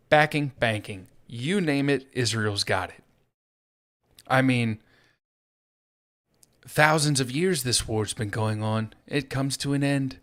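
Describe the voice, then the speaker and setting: A man's voice: medium pitch, slow, long pauses, a bit bright. A man hosting a solo political commentary show, talking in a sarcastic, mocking way. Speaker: host.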